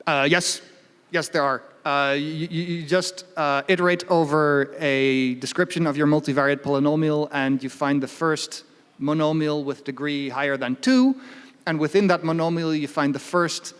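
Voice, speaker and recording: A man's voice: fairly high pitch, moderate pace, fairly bright tone, clean tone. A man answering audience questions at a conference, hesitant and repeating words as he thinks. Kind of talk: live Q&A answers. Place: conference hall. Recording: long hall reverb.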